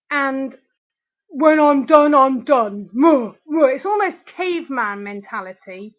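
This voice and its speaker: A young woman with a high voice rants into her webcam at home, sarcastic and swearing, close to tears at times. The sound is dull and lo-fi. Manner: furious, ranting, sarcastic, swearing. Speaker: video diarist. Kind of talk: angry ranting video diary.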